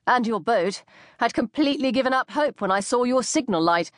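A courteous young soldier, grateful and earnest, read by a woman narrator. The voice sits a touch high and moves lively. Close, dry recording. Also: fairly quick, no room sound, close to an everyday voice. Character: polite rescued British soldier, grateful. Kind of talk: audiobook character voice.

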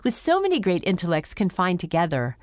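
A woman's voice: on the low side, huge pitch swings, a little fast, no room sound, studio quality. Woman host introducing a book. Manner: clear, announcing. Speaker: podcast host. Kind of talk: scripted introduction.

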